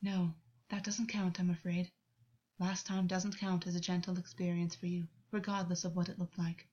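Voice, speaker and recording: A woman voicing a gentle but controlling man who murmurs slowly and softly, on a dull lo-fi recording. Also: on the low side, little pitch movement, natural voice. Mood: soft, coaxing. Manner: soft, slow, murmuring. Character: soft-spoken, controlling man, caring lover.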